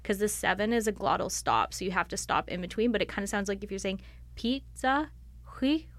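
A woman's voice: medium pitch, fast talker, no echo. A woman on staff answering interview questions in a thoughtful, explanatory way, often using "like" as a filler. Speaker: library staff member.

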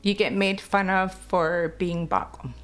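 A woman with a Kwakwala-influenced English accent, telling stories in a chatty, animated way during an interview. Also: on the low side, unhurried. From British Columbia, Canada. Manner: chatty, animated, quotes others in put-on voices. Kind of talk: casual storytelling chat.

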